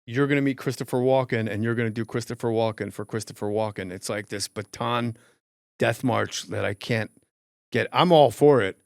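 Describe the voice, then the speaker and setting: A man's voice: medium pitch, moderate pace, vocal fry, dry recording, clean studio sound. A man hosting a podcast, telling stories animatedly and with lots of swearing. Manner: animated, profane, acts out scenes. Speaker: podcast host. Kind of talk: comedic storytelling.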